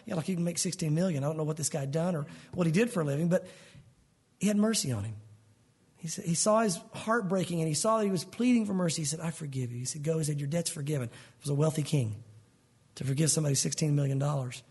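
A man's voice: a little high, fast talker, a little mellow, breathy edge. A man preaching a sermon in a conversational, earnest way, explaining verses in plain words and calling the listeners "guys". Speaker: pastor.

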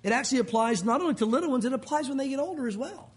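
A man preaching a sermon as pastor to his congregation, lively and conversational, acting out the voices of people he quotes. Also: extremely high pitch, rapid-fire, slightly rough.

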